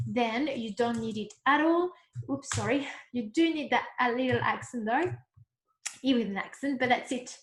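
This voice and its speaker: A woman teaching a beginners' lesson, explaining slowly step by step and checking in with the class. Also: a little high, roomy sound. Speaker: French teacher. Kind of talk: recorded online lesson.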